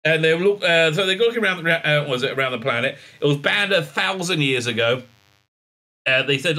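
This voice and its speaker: A man hosting a sarcastic episode recap, mocking and exasperated, full of halting fillers. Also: fairly high pitch, expressive, pushed and bright. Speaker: show host reviewing a TV episode.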